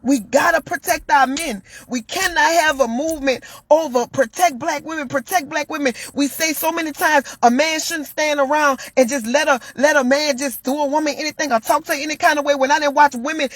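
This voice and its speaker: High-voiced woman, emphatic and preachy. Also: brisk, few pauses, no room sound. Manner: emphatic, preachy, repeats phrases for stress. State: shaken, near tears at times. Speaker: commentator. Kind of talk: impassioned personal monologue.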